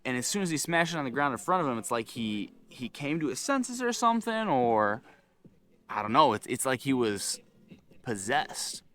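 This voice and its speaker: A young man recounts a wild street encounter in a lively, up-and-down voice with a bright, forceful edge. He talks casually to his viewers and breaks into high yells as he acts parts out. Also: moderate pace. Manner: animated, acts out screaming with loud high yells. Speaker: vlogger. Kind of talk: casual storytelling to camera.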